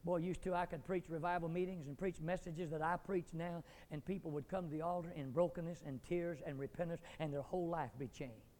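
An older man preaching a fiery revival sermon, swinging from quiet scripture reading to loud shouting. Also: on the high side, steady tone, fairly quick. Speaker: pastor. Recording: echoey hall.

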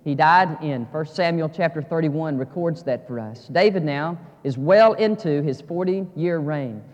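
A middle-aged man preaching a revival sermon, his voice a bit higher than most men's. He is folksy and emphatic and swells into fervent preaching. The sound rings with the long reverb of a big church hall. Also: measured pace, a little mellow. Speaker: guest pastor preaching a revival service. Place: church sanctuary.

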